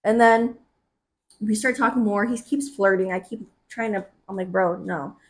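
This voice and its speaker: A young woman co-hosting a podcast, telling stories in a lively way, acting out what people said and laughing often. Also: mid-range voice, normal speed. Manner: animated, acts out quotes, laughs often. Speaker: podcast co-host. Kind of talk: casual chat, storytelling.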